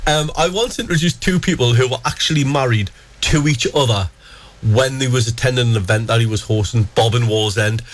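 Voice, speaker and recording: A man, hosting a local radio show and telling funny stories in animated casual chat. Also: medium pitch, a little fast. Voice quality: chatty, animated storyteller. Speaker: radio host.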